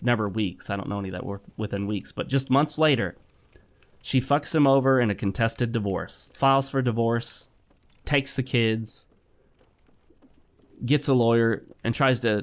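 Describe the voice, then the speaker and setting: A middle-aged man giving blunt, opinionated commentary while playing a game, lecturing and repeating himself. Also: medium pitch. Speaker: gaming commentator. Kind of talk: opinionated commentary over gameplay.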